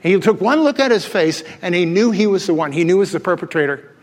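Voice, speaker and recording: High pitched guy preaching a sermon, jokey storyteller, long echo from the big church hall. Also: animated, fast talker. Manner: storytelling, joking and laughing with the congregation. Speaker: pastor.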